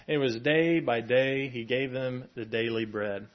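A man's voice: mid-range voice, steady tone, measured pace. A man preaching a sermon in a conversational way, with chuckling asides between the scripture reading. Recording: dull lo-fi sound.

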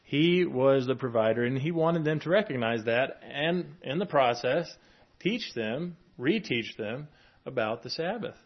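A man gives a sermon in an easy, conversational way, reading scripture and breaking into small chuckles. His voice sits in a middle pitch. The recording sounds dull and lo-fi. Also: lively intonation, a little slow. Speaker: preacher.

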